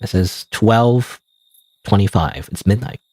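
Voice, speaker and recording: A man's voice: fairly low pitch, takes it slowly, darkish tone. A man streaming a game live, giving casual, rambling, self-deprecating commentary full of "you know" and "I don't know.". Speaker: gaming streamer.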